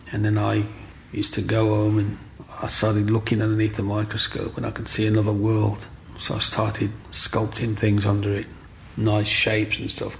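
A middle-aged man telling his life story in an interview, animated, acting out the voices of people in his story. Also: on the low side, creaky, a little hiss or hum. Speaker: guest.

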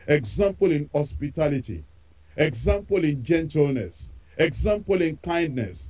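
Man preaching a sermon on the radio, voice rising and falling a lot, kinda dull lo-fi sound. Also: on the high side. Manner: emphatic, repeats phrases for effect.

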